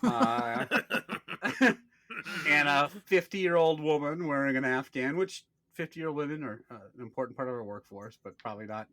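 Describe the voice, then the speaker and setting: A man in his thirties, co-hosting a casual podcast, telling a story with lively acted-out quotes and plenty of swearing. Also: fairly high pitch, moderate pace, no room sound. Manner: animated storyteller, acts out quoted people, swears freely. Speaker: podcast co-host.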